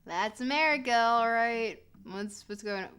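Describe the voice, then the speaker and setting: A woman's voice: fairly high pitch, measured pace, fairly bright tone, clean tone. A woman streamer giving casual, joking commentary while playing, talking straight to her chat. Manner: chatty and joking, answers chat directly.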